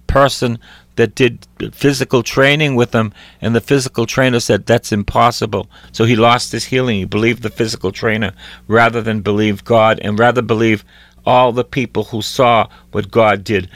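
A man's voice: steady tone, moderate pace, dry recording. A man preaching a sermon, reading scripture and acting out its voices, repeating phrases for emphasis. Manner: acts out voices in scripture, crying out high and loud.

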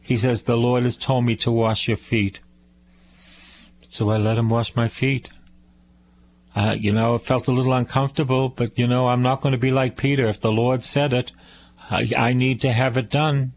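A male priest preaching a radio sermon, unhurried, repeating phrases for emphasis. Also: mid-range voice, level tone, dull audio, a little hiss or hum.

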